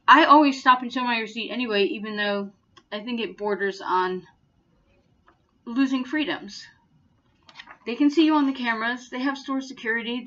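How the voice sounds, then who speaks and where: A woman's voice: medium pitch, fairly bright tone, highs cut off. A woman in her fifties earnestly and indignantly retelling something that happened to her, in a personal storytelling vlog. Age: 50s. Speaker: vlogger.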